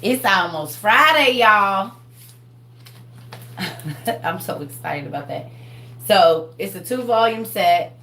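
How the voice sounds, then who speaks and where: Animated woman hosting a livestream. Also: medium pitch, slow pace, pauses often, roomy sound. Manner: animated, laughing, talks straight to her viewers. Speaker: host of a live online class. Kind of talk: casual livestream teaching chat.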